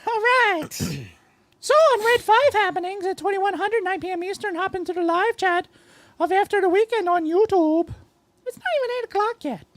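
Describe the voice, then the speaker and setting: Rich, brash high-voiced woman hosting a podcast. Her crude joking is heard up close on a dry mic. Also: lively intonation, normal speed, dry recording. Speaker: podcast host. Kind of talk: casual chat, reading show notes.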